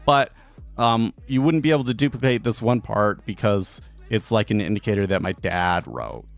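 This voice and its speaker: A man's voice: fairly low pitch, animated, normal speed, vocal fry, faint music behind. A man talking casually on a live trading stream, rambling with frequent restarts and fillers.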